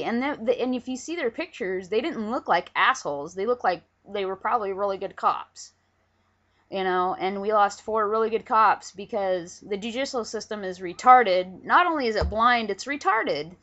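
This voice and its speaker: A woman's voice: mid-range voice, a bit bright. A woman angrily ranting into a webcam at home, profane and emphatic. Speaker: vlogger. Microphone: camera on a pillow. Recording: dull lo-fi webcam audio.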